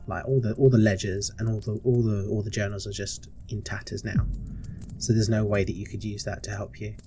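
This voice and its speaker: A man's voice: on the low side, darkish tone. A man narrating a tabletop game as game master, vivid and a little sweary.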